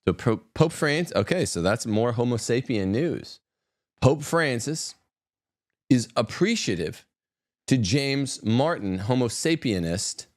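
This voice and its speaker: A man's voice: fairly low pitch, animated, slow pace, darkish tone, dry recording, studio quality. A man hosting an opinionated news commentary show, reading headlines and adding sarcastic, mocking asides. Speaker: host.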